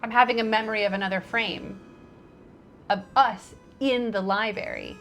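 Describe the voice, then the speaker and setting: A woman's voice: mid-range voice, fairly even intonation, moderate pace, a bit bright, soft background music. A woman streamer giving chatty, jokey commentary while playing a mystery game. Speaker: let's play streamer. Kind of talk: casual gameplay commentary.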